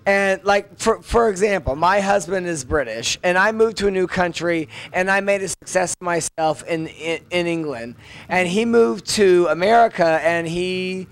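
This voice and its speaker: A man's voice: sits high, normal speed, clear, resonant tone, poor audio. A young man as an interview guest, chatting casually with gossipy, blunt talk and free swearing.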